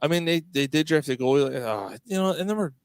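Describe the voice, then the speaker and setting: A man's voice: fairly high pitch, quick pace, smooth, dry recording. A man co-hosting a casual sports podcast, talking bluntly and with plenty of swearing. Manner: blunt, animated, swears freely. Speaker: podcast co-host.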